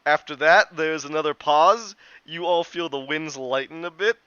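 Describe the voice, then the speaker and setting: Bright-voiced male game master. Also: on the high side, moderate pace, clear, resonant tone, no echo. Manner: loose, chatty narration with many restarts and "right?". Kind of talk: narrating a tabletop game. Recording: dull lo-fi, dry.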